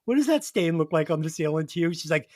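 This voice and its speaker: A man's voice: fairly high pitch, big pitch swings, fast, a little mellow, dry recording, clean studio sound. A man hosting a music podcast, telling stories in a profane, laughing, casual way. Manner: profane, laughing anecdote teller. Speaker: podcast host, album reviewer.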